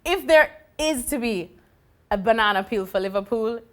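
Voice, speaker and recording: A woman's voice: a little high, lively intonation, moderate pace. A woman hosting a casual football predictions segment, upbeat and playfully teasing her co-host. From not from the UK. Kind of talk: casual sports prediction chat.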